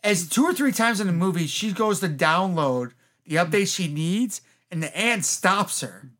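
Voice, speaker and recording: A man in a casual movie discussion, excitable and swearing freely as he retells scenes. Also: sits high, normal speed.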